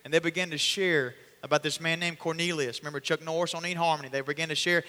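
Male preacher, animated storyteller, bright forceful tone, hall reverb. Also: fairly high pitch, fast talker, few pauses. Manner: animated storytelling, acting out voices. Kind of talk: sermon.

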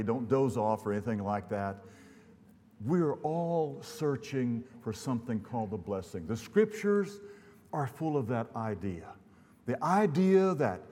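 A man's voice: medium pitch, warm tone. Older preacher man in a reverberant church. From Louisiana. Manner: folksy storytelling with humor. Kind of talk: sermon. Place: church sanctuary. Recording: long hall reverb.

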